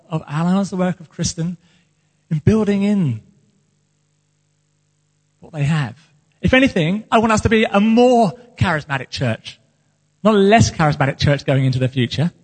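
A man's voice: high-pitched, a little mellow, slightly rough. A man preaching as the pastor of his church, speaking earnestly and with passion about his calling. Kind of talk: sermon. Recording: long hall reverb.

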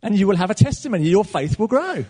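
Man, preacher, sermon, husky, long hall reverb. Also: high voice, quick pace. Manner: animated preaching, swinging from loud to soft.

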